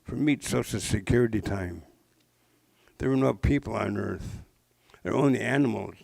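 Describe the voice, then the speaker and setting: At a public library talk, a traditional storyteller in his sixties from the Pacific Northwest shares legends with a live audience, playful and interactive, full of jokey asides and questions. His mid-range voice is creaky and moves at a moderate pace. The recording is dry and rough.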